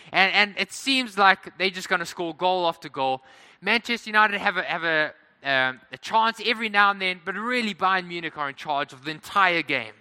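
High, bright-voiced preacher in a reverberant hall. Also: male voice. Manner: conversational, asks the congregation questions. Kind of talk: sermon.

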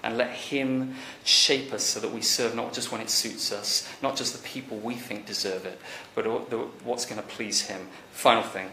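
A man preaching a conversational sermon, animated, rising to emphatic peaks and then dropping quiet. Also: fairly low pitch, normal speed, few pauses, a little hiss or hum. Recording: echoey church hall recording.

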